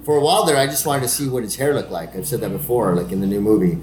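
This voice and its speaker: A man's voice: lowish voice, darkish tone, reverberant. A man in casual chat, laid-back and joking. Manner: laid-back, joking, quick to laugh along.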